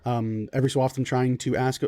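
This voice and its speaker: A man's voice: medium pitch, brisk. Easygoing male game master narrating the scene. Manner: relaxed, loose narration with fillers.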